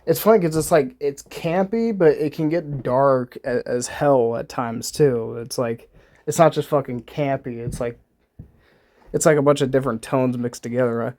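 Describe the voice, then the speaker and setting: A man's voice: medium pitch, moderate pace, darkish tone. Rambling, profane young man reacting to a movie. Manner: rambling, profane, laughs often, many restarts. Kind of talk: casual movie commentary.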